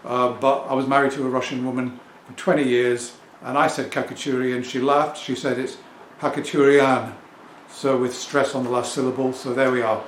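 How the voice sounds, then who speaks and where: Middle-aged English man, record vlogger, chatty and self-assured, mid-pitched voice, echoey home room. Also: level tone, brisk, few pauses. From England. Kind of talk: casual talk to camera. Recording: echoey room with faint ambient noise.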